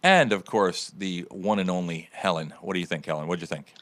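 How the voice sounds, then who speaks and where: A man's voice: low-pitched, fairly quick, dry recording. A man hosting a casual live-streamed chat show, joking and quizzing his panel. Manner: joking, lively, asks the panel questions. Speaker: show host.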